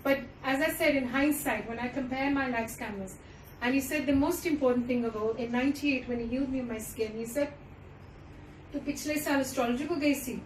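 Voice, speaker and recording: A woman's voice: high voice, a little fast, slight background noise. A woman giving an earnest devotional talk at a gathering, speaking mostly English with phrases in Hindi and Punjabi. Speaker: satsang speaker. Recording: roomy, distant audience recording.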